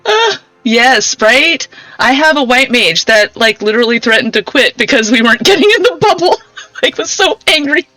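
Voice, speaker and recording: A woman's voice: a little high, very animated, moderate pace, bright, forceful tone. A young woman live-streaming a game, chatting with her viewers and laughing often. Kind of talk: casual live-stream chat while gaming. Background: game music.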